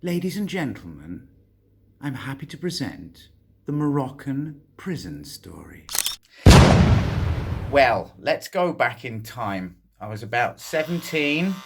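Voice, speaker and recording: A British man casually telling a funny story from his youth while his head is shaved, relaxed and swearing freely. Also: a little hiss or hum. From Britain. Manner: slow, laid-back, swears freely; puts on a high voice when quoting others. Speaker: host.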